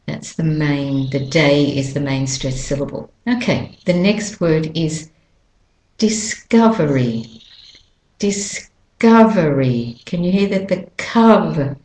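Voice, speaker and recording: A woman teaching English pronunciation, repeating each word slowly and stretching its stressed syllables. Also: sits low, fairly even intonation, darkish tone, slight background noise. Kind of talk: slow pronunciation lesson. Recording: echoey room.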